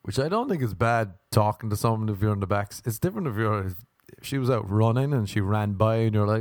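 A young Irish man telling a rambling, animated story. He laughs and jumps up in pitch for emphasis. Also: moderate pace, no echo, clean studio sound. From Ireland. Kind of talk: casual storytelling monologue.

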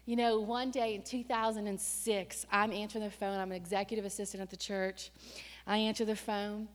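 A woman preaching a sermon and telling a personal story in a lively, conversational way, with sudden surges in pitch and loudness. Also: a little fast. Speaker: church staff member and preacher. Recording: long hall reverb.

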